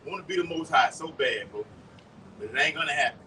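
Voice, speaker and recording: A man preaching live outdoors and leading the teaching, with a lively, repetitive delivery, calling on others to read verses. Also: on the high side, a little fast. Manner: animated, repeats words, calls for scriptures. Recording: distant mic with faint street noise.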